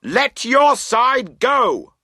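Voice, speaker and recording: A man reading aloud, voicing a stubborn young man who shouts back angrily during a tent quarrel. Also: very high voice, big pitch swings, very slow, no room sound, clean studio sound, voice pushed up, full character voice. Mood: angry shouting. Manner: shouting, indignant.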